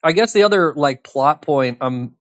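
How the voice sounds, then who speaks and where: A man's voice: on the high side, expressive, normal speed, smooth, no room sound. Rambling podcast man, fillers everywhere. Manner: rambling, many fillers and restarts. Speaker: podcast co-host. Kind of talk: casual film discussion.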